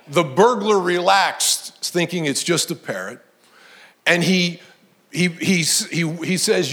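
Male pastor with a high voice, preaching with emphatic build-ups. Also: lively intonation, a little slow. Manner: storytelling preacher, emphatic, rising to shouts. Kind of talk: sermon.

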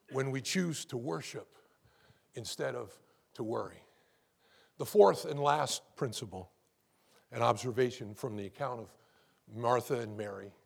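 A man's voice: medium pitch, creaky, breathy edge. A male pastor preaching a sermon, calling out to the congregation with asides and building to fervent emphasis.

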